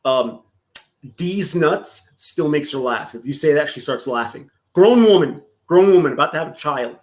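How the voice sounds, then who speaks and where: A man's voice: a little high, normal speed. A man streaming casual reaction commentary, profane and mocking, often breaking into laughter.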